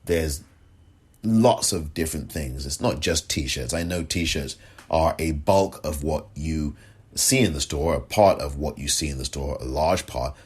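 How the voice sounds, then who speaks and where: A man with a very low, husky voice hosts a solo podcast. He talks slowly and warmly in a chatty, effusive way, repeating his thanks again and again. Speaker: podcast host. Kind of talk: solo political podcast monologue.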